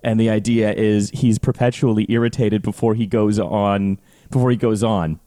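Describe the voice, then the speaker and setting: A man's voice: lowish voice, steady tone, warm tone, no echo, studio quality. A man hosting a comedy podcast, rambling and stammering in casual banter. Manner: rambling, stammering, quick to laugh. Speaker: podcast host.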